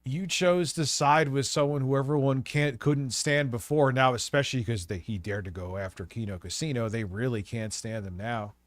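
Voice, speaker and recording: A man's voice: medium pitch, normal speed, few pauses, dry recording. Stuffy-voiced male co-host, blunt and mocking, dry sound. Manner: blunt, mocking, swears a lot. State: stuffy from a cold. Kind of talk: profane casual commentary.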